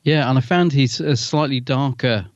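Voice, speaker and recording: A man co-hosting a podcast, thinking aloud in an easygoing chat and often trailing off. His voice sits at a middle pitch. The recording is dull and lo-fi, with no room echo. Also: normal speed. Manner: thoughtful, musing, often trails off. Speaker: podcast co-host. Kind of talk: casual chat reviewing an episode.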